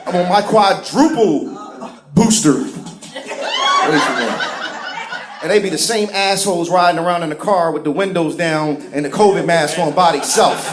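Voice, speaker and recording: A man doing live stand-up comedy, profane and animated, acting out other people's voices. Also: sits high. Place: comedy stage before a laughing audience. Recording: roomy live venue with crowd laughter.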